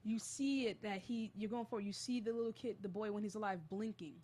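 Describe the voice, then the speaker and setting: A young woman hosting a college radio show, retelling a creepy story in a casual, animated and jittery way. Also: medium pitch, brisk.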